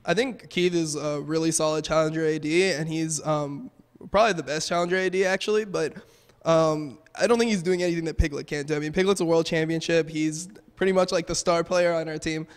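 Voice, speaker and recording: A young man, a pro gamer, talking casually and quickly in a post-match interview, with lots of "um" and "like". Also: on the high side, fairly even intonation, clear, resonant tone, big-room sound. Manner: fast, casual, filler-heavy.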